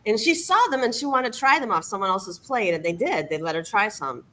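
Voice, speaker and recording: A woman in her thirties and a mother, telling a funny story in an animated, laughing way during a casual chat. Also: medium pitch, fairly quick. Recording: faint background noise.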